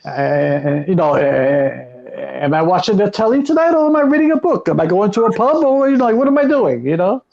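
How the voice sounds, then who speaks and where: A man's voice: high voice, lively intonation, brisk, creaky, few pauses, darkish tone. A man co-hosting a wrestling podcast in casual chat, talking in emphatic, exasperated rants. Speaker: podcast co-host. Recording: dull lo-fi sound.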